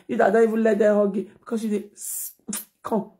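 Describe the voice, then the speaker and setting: Recorded on a phone, this live video shows a Nigerian-accented adult mother, a social media personality, confronting critics in a heated rant that blends English and Pidgin. Her mellow mid-range voice has little pitch movement and moves a little fast, with a slight hiss or hum in the audio.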